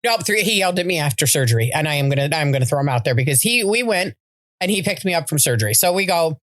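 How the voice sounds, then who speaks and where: A woman co-hosting a podcast, chatting casually and telling animated stories with some swearing. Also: low-pitched, fast, dry recording. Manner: animated storyteller, swears freely. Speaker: podcast co-host. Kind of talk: casual chat.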